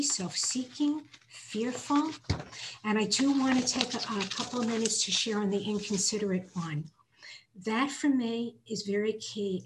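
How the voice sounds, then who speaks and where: A woman's voice: medium pitch, slight background noise. A woman giving a personal recovery share, earnest and reflective, reading lists aloud from her notes and sometimes restarting as she searches for words. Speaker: twelve-step program member sharing her step work.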